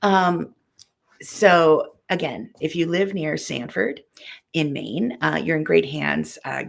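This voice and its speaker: A low-voiced woman in her fifties with a heavy gravelly rasp chats loosely with her online audience. She is a quilting teacher who rambles from one story to the next and stops to greet viewers by name. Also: very animated, slow. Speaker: quilting teacher and live-stream host. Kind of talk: casual live-stream chat.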